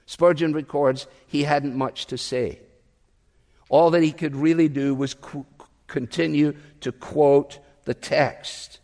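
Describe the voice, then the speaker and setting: A man's voice: fairly high pitch, unhurried. Earnest male preacher in a reverberant hall. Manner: storytelling, earnest, builds to quiet prayer. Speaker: pastor. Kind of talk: sermon.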